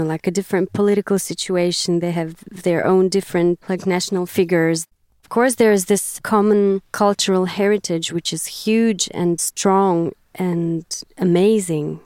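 A woman's voice: lowish voice, darkish tone, no room sound, studio quality. A woman from Russia in her thirties, a composer speaking reflectively in an interview, often searching for words. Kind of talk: interview conversation. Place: Bern, Switzerland.

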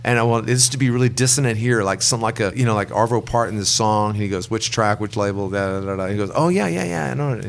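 Low-voiced middle-aged man telling stories. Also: level tone, quick pace, few pauses, a little hiss or hum. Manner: rambling anecdotes, acts out quoted people, chuckles. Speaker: guest songwriter. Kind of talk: relaxed storytelling in an interview.

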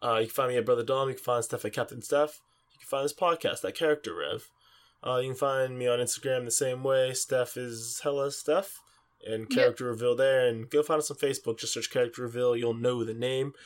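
A man's voice: mid-range voice, fairly even intonation, brisk. Rambling man on a casual podcast. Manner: rambling, filler-heavy storytelling. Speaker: podcast co-host.

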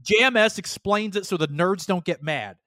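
Casting note: fairly high-voiced male podcast co-host, rambling, crude humor, dry close recording. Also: moderate pace, pushed and bright, no room sound. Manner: rambling, profane, jokey. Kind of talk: casual chat.

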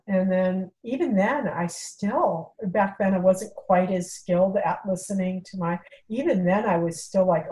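A middle-aged woman telling a personal story in a casual way, animated and acting out quoted dialogue, with frequent fillers. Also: mid-range voice, unhurried, poor audio.

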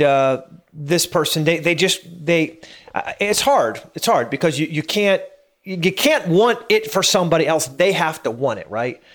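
A man in his thirties speaks with a voice that sits a little high for a man. He sounds earnest and driven, giving a casual motivational talk. He often stutters and repeats words as his thoughts race ahead. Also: a bit bright. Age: 30s. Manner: earnest, stammers and repeats words when worked up; laughs at himself now and then.

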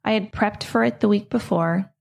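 A woman's voice: medium pitch, moderate pace, creaky, darkish tone, slight background noise. A middle-aged woman hosting her own podcast, telling a personal story in an earnest, reflective way. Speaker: podcast host.

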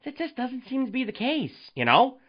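A man hosting a solo sports podcast, ranting in an animated, exasperated way and firing off rhetorical questions. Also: extremely high pitch, moderate pace, highs cut off. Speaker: podcast host.

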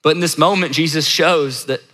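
A man's voice: a little high, moderate pace, bright, forceful tone. A man preaching a sermon as a pastor in a conversational way, with emphatic repetition. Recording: echoey hall reverb.

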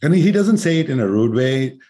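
A man hosting a conversational interview, relaxed and joking as he tells a personal story. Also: mid-range voice, fairly quick. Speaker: interview host.

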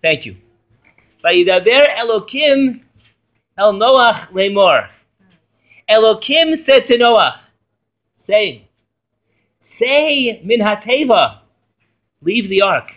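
A high-pitched male rabbi teaches an animated Torah class, firing questions at his students and teasing them with jokes. The recording sounds dull and lo-fi. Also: takes it slowly, long pauses. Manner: lively, quizzing students, joking.

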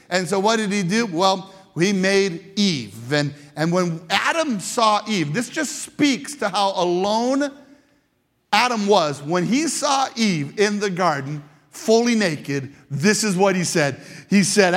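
A man preaching a sermon to his congregation, animated, repeating words for emphasis and stumbling into quick restarts. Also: sits high. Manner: animated, repeats words, acts out quoted shouts. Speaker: pastor. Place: church sanctuary with congregation. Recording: long reverb of a large hall.

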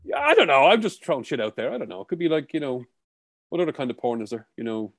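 A man's voice: medium pitch, very animated, quick pace, fairly bright tone. A young Irish man co-hosting a podcast in casual, jokey chat, laughing often and swearing freely. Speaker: podcast co-host.

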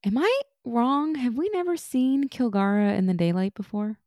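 A woman's voice: fairly high pitch, lively intonation, moderate pace, mellow, dry recording, studio quality. A woman co-hosting a podcast, chatting casually and laughing often as she recaps a TV episode. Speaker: podcast co-host.

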